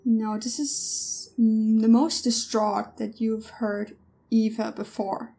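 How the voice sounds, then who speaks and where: A woman runs a tabletop horror game as game master, narrating in a measured second person. She speaks slowly with a slightly high voice. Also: little pitch movement, vocal fry, dark tone, breathy edge.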